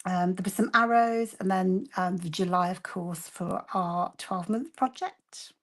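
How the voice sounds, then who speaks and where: A woman's voice: fairly low pitch, measured pace. A woman with a Birmingham accent talks through a crafting demonstration in a loose, rambling way. Her speech is full of fillers and restarts as she shows products. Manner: chatty and rambling, with frequent fillers and laughter. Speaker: co-host of a craft shop live show. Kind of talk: casual crafting chat with demonstration.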